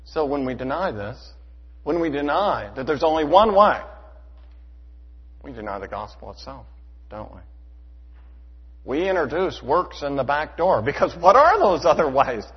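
Emphatic preacher in an echoing church. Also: male voice, on the high side, big pitch swings, normal speed, pauses often, husky. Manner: emphatic, rhetorical questions, swings between loud and hushed. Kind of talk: sermon. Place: church sanctuary. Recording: dull hall reverb.

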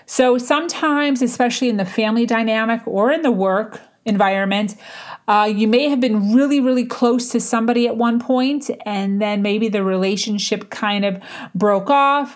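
A woman giving conversational advice on building rapport, speaking casually with frequent fillers and restarts. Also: a little high. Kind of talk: casual instructional talk.

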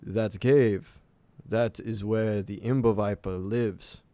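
A man's voice: lowish voice, steady tone, slow pace, warm tone, no room sound. A man voicing an elderly half-elf village elder who speaks with grave, wary warnings.

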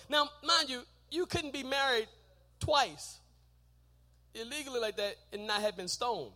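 A man preaching a sermon, shouting his points and joking with the congregation in a church. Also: very high voice, lively intonation, unhurried.

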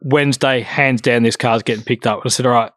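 A man's voice: medium pitch, steady tone, a little fast, a bit bright, no echo, studio quality. Man telling a story. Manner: swears freely, acts out both sides of the conversation. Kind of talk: casual storytelling.

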